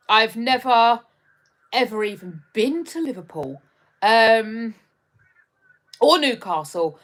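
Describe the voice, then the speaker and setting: A woman's voice: medium pitch, a bit bright. A young woman from just outside London, hosting a live stream in casual chat, rambling with lots of ums as she reads viewer comments. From just outside London, England. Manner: chatty and rambling, with frequent ums and restarts.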